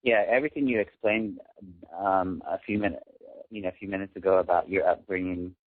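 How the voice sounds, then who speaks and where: A man's voice: low voice, fairly even intonation, a little fast, no echo. A young man calling into a radio show, speaking hesitantly and searching for his words. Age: young adult. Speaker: caller. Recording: tinny phone line.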